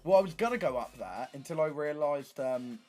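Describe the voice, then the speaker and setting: A young man streaming, telling stories in casual chat, animated and swearing often. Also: a little high, a little fast, faint music behind.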